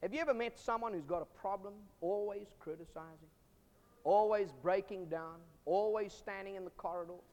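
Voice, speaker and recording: A man preaching a sermon as pastor, emphatic, swinging from loud bursts to quiet storytelling. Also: sits high, moderate pace. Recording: long hall reverb.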